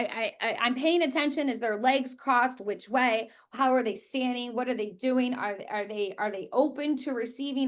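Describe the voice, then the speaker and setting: A woman teaching a real estate class, talking quickly and emphatically and repeating words for stress. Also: a little high. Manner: talks quickly. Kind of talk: live class presentation.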